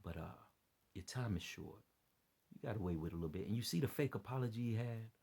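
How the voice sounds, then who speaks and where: A man's voice: fairly low pitch, fast, gravelly, warm tone, breathy edge. A tired man rambling through an earnest, preachy monologue to his followers, often repeating himself. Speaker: vlogger giving religious commentary.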